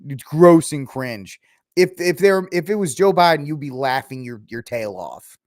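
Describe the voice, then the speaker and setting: A man's voice: fairly high pitch, lively intonation, moderate pace, no room sound, clean studio sound. A man hosting his own podcast, giving a ranting, sarcastic solo commentary with mocking asides. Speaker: podcast host.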